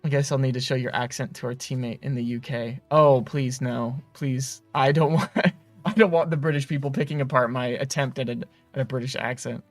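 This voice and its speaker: A man's voice: mid-range voice, fairly even intonation, a little fast, faint music behind. A young man hosting a casual livestream chat, talking loosely with lots of fillers and playful laughs. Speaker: livestream host.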